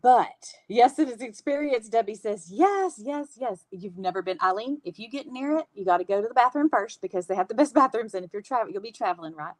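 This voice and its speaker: A woman's voice: fairly high pitch, animated, fairly quick, few pauses, no echo. A woman in her fifties with a Southern US accent, hosting a casual livestream and chatting with viewers, laughing often. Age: 50s. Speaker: host.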